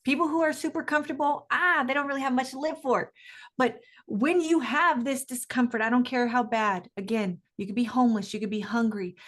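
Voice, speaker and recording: An energetic woman coach talks in a higher voice. Her delivery is emphatic and eager, with frequent laughter, as she speaks as a guest in an interview. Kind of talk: enthusiastic interview talk.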